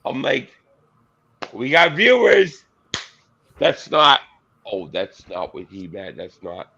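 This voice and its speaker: A man co-hosting a casual show, rambling through jokey stories with a gravelly voice. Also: low voice, lively intonation, unhurried, bright, forceful tone, lo-fi sound, slight background noise. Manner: rambling, jokey storyteller, yelps in mock pain. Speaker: podcast co-host. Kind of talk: joking casual banter.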